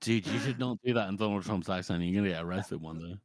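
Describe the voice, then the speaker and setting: A man's voice: low voice, fast, no room sound, clean studio sound. A man co-hosting a casual book podcast, throwing in teasing, wry asides. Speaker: podcast co-host.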